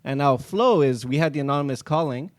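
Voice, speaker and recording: A man's voice: a little high, a little fast. A man, an app founder, telling stories in a casual podcast chat and acting out quoted dialogue. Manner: animated, acts out quoted dialogue.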